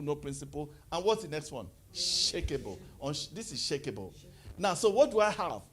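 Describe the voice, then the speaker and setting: A man giving a lively motivational talk to a live audience, calling out questions and having the crowd answer. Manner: call-and-response, rising to high exclaims. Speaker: motivational speaker.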